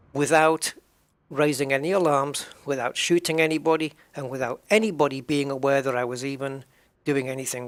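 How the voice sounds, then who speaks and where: A man's voice: mid-range voice, a bit bright. Tired, chatty English man streaming a game. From England. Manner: chatty, greets viewers by name, self-mocking. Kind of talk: casual game livestream chat.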